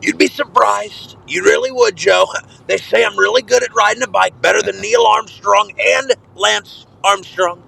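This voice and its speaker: In a low-quality voice message, a listener does a mocking impression of a boastful, brash male president, bragging and repeating himself. His high voice is bright and forceful, with fairly even intonation, normal speed, and a gravelly, full character voice.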